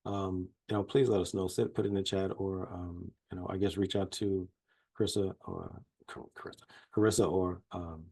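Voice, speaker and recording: Deep mellow louisiana guy, kinda husky, chatty psychologist on a video call. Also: fairly even intonation, moderate pace. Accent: Louisiana Southern. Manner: folksy, chatty, self-deprecating humor. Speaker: psychologist and trainer. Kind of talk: casual webinar lecture.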